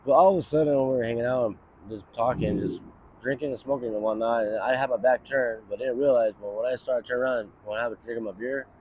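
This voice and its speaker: A man in his thirties talking outdoors on a city street for a street interview, his voice at an ordinary middle pitch. He rambles through his story, swearing freely and filling gaps with "you know" and "like", while faint traffic noise runs behind him. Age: 30s. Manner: rambling, profane, many fillers like "you know". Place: outdoors on a city street near a bus stop.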